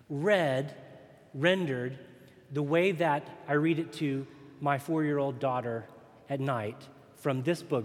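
A man preaching a sermon as pastor, earnest and emphatic. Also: a little high. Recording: long reverb in a large hall.

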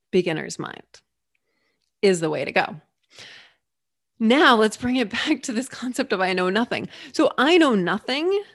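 A woman in a solo podcast talks slowly and thoughtfully, often slipping into little acted-out inner voices. Her voice sits in a middle pitch and the sound is dry and close, with no room around it. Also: dry recording. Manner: reflective, animated, acts out her own inner voice. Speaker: podcast host.

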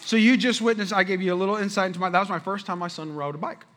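High, bright-voiced preacher. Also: male voice, rapid-fire. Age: adult father. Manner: animated storytelling, addresses the crowd. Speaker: pastor. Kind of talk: sermon.

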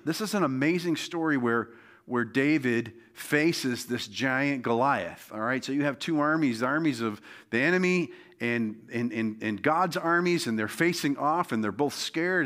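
A pastor preaches a sermon in a mid-range, fairly bright voice. He's impassioned and exhorting, often urging listeners on with repeated calls of "come on" and "all right."

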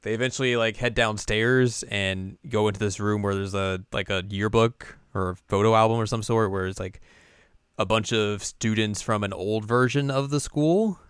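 A young man retells the plot in a loose, rambling recap, his voice fairly low and smooth. It sounds dry and close to the mic. He talks with an animated, offhand flow. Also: normal speed, no room sound. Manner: rambling, animated, keeps slipping into character voices. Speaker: podcast co-host. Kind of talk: casual anime episode recap.

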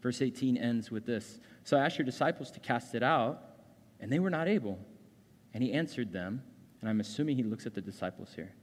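A man's voice: mid-range voice, animated, fairly quick. Male pastor, 30s, conversational sermon delivery, long hall reverb. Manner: earnest, conversational, frequent "right?" and "um".

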